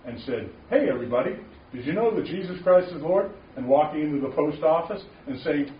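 A man's voice: a little high, animated, fairly quick. Passionate preaching man, roomy and distant. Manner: passionate, emphatic, rising to loud declarations. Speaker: Christian speaker at a men's gathering. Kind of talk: informal preaching talk. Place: room with a small audience. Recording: distant, roomy, muffled with faint noise.

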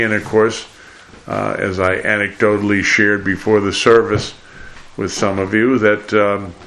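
Older man preaching in a low voice. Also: fairly bright tone. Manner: conversational, rambling, acts out quoted voices. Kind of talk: sermon.

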